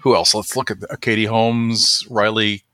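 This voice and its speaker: A man's voice: fairly low pitch, level tone, moderate pace, pushed and bright, no room sound, studio quality. A man hosting a casual podcast chat about movies, rambling with many fillers and restarts. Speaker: podcast host.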